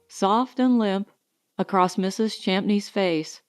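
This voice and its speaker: A woman narrating an audiobook in a slow, expressive reading voice. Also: medium pitch, faint music behind. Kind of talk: scripted narration.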